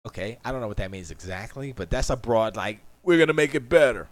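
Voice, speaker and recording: Animated, opinionated man in a dry room. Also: medium pitch, fast talker, few pauses, dry recording. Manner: opinionated, rambling, mock-quoting others. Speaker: streamer. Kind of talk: casual live-stream chat. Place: home studio.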